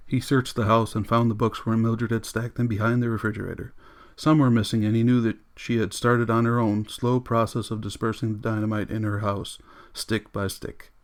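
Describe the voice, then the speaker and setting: Low-voiced man reading an audiobook. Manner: steady, measured reading. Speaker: audiobook reader. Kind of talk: audiobook narration.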